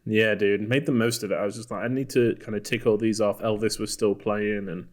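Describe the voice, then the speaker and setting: A man co-hosting a podcast in casual chat, relaxed and hesitant with many fillers. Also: lowish voice, brisk. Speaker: podcast co-host.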